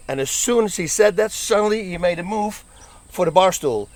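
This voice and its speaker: A middle-aged man from the Netherlands telling lively stories about his days as a bouncer, laughing as he goes. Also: a little high, fairly quick. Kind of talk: casual storytelling.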